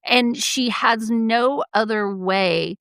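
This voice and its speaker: Middle-aged woman podcast co-host, gravelly, dry close sound, lively storyteller. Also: a little high, slow, no echo. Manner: animated storyteller, quotes people in lively voices. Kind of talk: casual podcast chat, storytelling.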